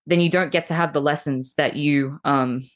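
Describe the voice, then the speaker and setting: Frank, low-pitched woman guest, blunt and emphatic, swears casually. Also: steady tone, normal speed. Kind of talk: candid spiritual conversation.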